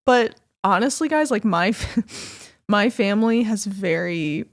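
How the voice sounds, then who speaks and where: A young woman from Indiana co-hosts a casual podcast, talking in quick, rambling bursts and laughing easily. A slight Midwestern accent with a southern tinge shows through. Her voice is close and dry, at a middle pitch. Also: animated, no room sound. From Indiana, USA. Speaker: podcast co-host. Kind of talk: casual chat.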